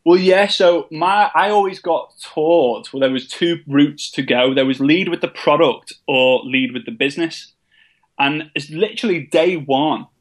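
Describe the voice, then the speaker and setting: A man's voice: a little high, measured pace. A younger man being interviewed, telling his story in a casual, self-deprecating way with frequent restarts. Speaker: guest, network marketer.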